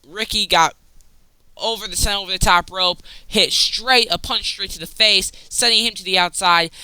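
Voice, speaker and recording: A young man giving a casual, rambling, excitable recap as a wrestling fan, often calling people "bro". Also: sits high, smooth, low-quality recording.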